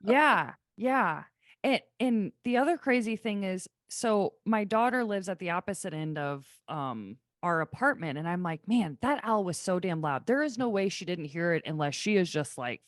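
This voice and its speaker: A woman's voice: on the low side, dry recording, studio quality. A woman hosting a podcast, speaking earnestly and emphatically in casual conversation, with many fillers. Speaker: podcast host.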